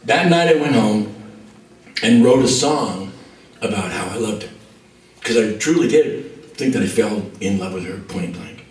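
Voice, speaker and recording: A man, a musician, telling a lively anecdote and acting out other people's voices. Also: lowish voice, moderate pace, long pauses, echoey room, distant mic, low-quality recording. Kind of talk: anecdotal storytelling.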